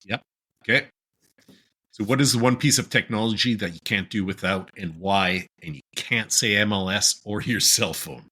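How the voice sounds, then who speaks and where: A man hosting an interview podcast, asking questions in an upbeat, encouraging way with quick interjections. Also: on the low side, pushed and bright, husky. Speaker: podcast host. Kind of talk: casual interview.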